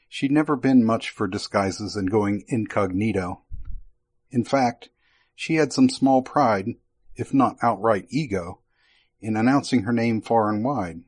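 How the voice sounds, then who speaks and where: A man narrates a fantasy spy tale at a steady, even pace. His voice sits low with a husky texture. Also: a little slow, dry recording.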